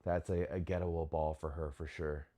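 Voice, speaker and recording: A young man with a very low voice talks through a match in casual live commentary. He reacts with sudden excited outbursts and often restarts his sentences as he watches, like a host chatting over the game. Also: fairly quick.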